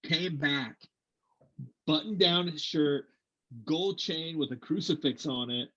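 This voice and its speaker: A man's voice: fairly high pitch, slow pace, a bit bright. Casting note: man, crude joking podcast co-host, slightly muffled lo-fi sound. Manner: joking, crude, laughs often. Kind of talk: casual chat.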